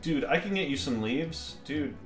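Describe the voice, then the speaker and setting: A man's voice: fairly high pitch, lively intonation, moderate pace, echoey room, soft background music. A man chatting casually while playing a video game, rambling and joking and easily sidetracked. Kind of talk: casual let's-play banter.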